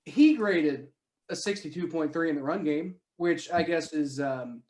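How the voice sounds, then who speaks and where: A young man on a sports podcast with a slightly high voice, talking in loose, rambling sentences full of restarts and dry jokes. His voice bounces around an echoey room. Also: lively intonation, measured pace, darkish tone. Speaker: podcast co-host. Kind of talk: casual sports podcast chat.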